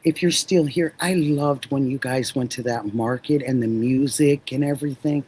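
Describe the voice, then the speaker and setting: A woman's voice: rumbling low, normal speed, dark tone, breathy edge, rough recording. Middle-aged woman chatting on her livestream, super talkative, laughing a lot, thanking viewers. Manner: chatty, effusive, laughs often. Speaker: livestream host. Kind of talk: casual chat with live viewers.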